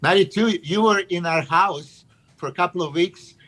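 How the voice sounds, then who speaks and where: A man's voice: high-pitched, normal speed, fairly bright tone, rough recording. A middle-aged man in a casual round-table chat, mostly adding short confirmations and recalling details. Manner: brief confirming interjections.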